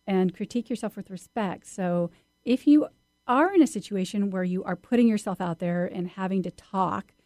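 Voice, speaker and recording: A woman's voice: medium pitch, normal speed, darkish tone, no echo, clean studio sound. A woman hosting a podcast interview, asking questions and laughing along with her guest. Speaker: podcast host. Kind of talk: casual interview chat.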